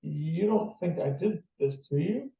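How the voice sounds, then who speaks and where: A man's voice: high-pitched, fast, voice pushed up, lightly acted. A man voicing a nervous young cop. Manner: nervous, stammering. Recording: distant, roomy, dull lo-fi.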